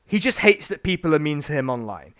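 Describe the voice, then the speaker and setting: A man's voice: on the high side, very animated, a little fast, smooth. Sweary, sarcastic man ranting on stream. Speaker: streamer reviewing a book. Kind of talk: live-stream book review commentary.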